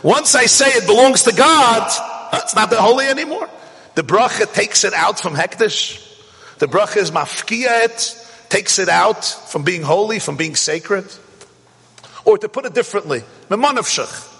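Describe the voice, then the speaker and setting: A man teaching a Torah class, animated and rising to shouts to stress a point. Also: high-pitched, normal speed, creaky, husky, in a large hall. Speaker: rabbi.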